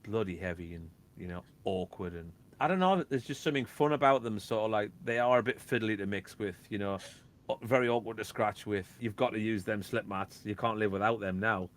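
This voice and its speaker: A man, a DJ and label owner, chatting casually and telling animated stories that act out beats and quotes. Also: lowish voice, a little fast. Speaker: guest, DJ and record label owner. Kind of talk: casual chat.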